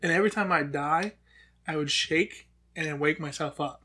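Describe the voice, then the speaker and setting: A man co-hosting a live podcast, talking in a laid-back, halting way that often trails off. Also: fairly high pitch, sharp tone. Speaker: podcast co-host. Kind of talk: casual chat.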